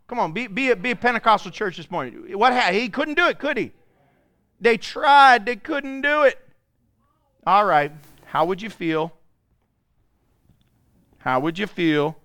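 High, bright-voiced animated male pastor. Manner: animated, shifts between quiet asides and loud bursts, prods the congregation to respond. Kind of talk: Pentecostal sermon. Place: church sanctuary before a congregation.

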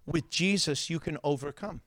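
A man preaching a sermon as pastor, telling stories in an animated way, with loud, high outbursts, and joking and laughing between points. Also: normal speed, no room sound, clean studio sound. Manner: animated storytelling, gets loud and high acting out scenes.

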